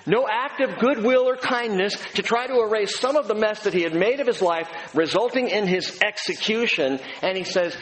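A male pastor preaching a sermon, talking directly to his congregation and swinging between emphatic, raised passages and hushed, low ones. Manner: conversational and direct with the audience. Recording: long hall reverb, faint background noise.

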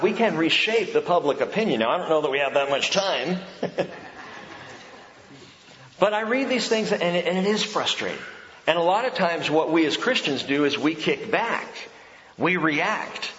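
A man's voice: high voice, fairly bright tone. A man, a pastor and Bible teacher, preaching a sermon in a conversational, emphatic way with rhetorical questions. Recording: echoey hall, dull lo-fi sound.

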